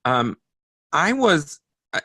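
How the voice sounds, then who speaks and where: A woman comic hosts a relaxed interview chat. Her voice is bright and forceful. It is recorded dry, with no room echo. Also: low-pitched, slow, slightly rough. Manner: relaxed, chatty, conversational. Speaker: comedian, interview host.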